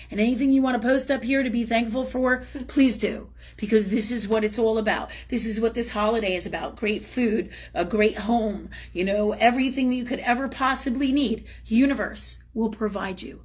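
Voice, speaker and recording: A woman's voice: on the high side, moderate pace, hardly any pauses. A woman hosting a live spiritual talk show, speaking casually and effusively, repeating words for emphasis and swearing now and then. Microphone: live-stream setup.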